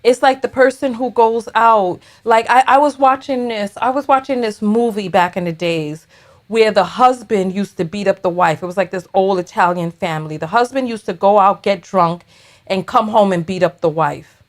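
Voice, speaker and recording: A woman's voice: mid-range voice, moderate pace. A woman giving blunt, sassy reaction commentary on a video, firing back retorts at what she watches.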